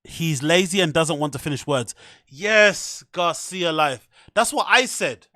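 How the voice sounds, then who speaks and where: A man's voice: fairly high pitch, measured pace, sharp tone, no room sound, studio quality. A man hosting a livestream, reacting to clips with casual, profane commentary and frequent laughter. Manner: swears often, laughs a lot, incredulous mocking. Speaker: podcast host.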